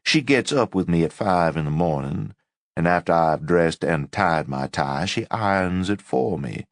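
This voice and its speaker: A stern, pompous chief resident with a soft Southern accent, put on by a male audiobook narrator. He talks slowly and condescendingly, rising and falling sharply in pitch. The voice sits low and sounds dry and close. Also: expressive, no echo. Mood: smug. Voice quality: slow, clipped, condescending drawl.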